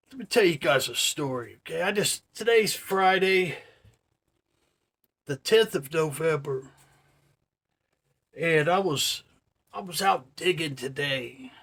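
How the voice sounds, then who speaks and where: A man on a vlog spins a story and slides into a profane rant, checking in with his viewers as he goes. His voice sits a bit on the high side. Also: fairly bright tone, breathy edge. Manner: profane, ranting, addresses viewers directly. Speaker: vlogger. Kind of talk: casual storytelling rant to camera.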